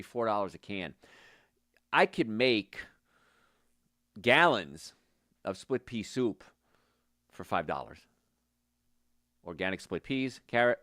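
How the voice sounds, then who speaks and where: A middle-aged man hosting a casual health talk, folksy and rambling, going off on tangents and pitching his services. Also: fairly bright tone, no room sound, studio quality. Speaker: health practitioner and show host.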